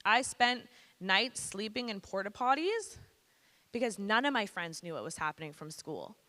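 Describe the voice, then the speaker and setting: A woman's voice: mid-range voice, big pitch swings, moderate pace, pushed and bright. A woman in her thirties from Canada gives a candid, blunt, casual personal testimony to students as a guest speaker in a school hall. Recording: echoey hall.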